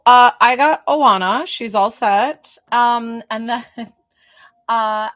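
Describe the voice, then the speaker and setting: With a medium-pitched, slightly bright voice, a woman gives a spiritual reading on a live stream. She talks in a casual, chatty way and wanders off to side topics.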